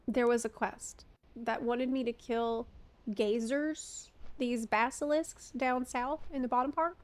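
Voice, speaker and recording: A woman in her thirties with a slightly high, clean voice streams a game while chatting casually with her viewers. She laughs a lot and swears in an offhand way.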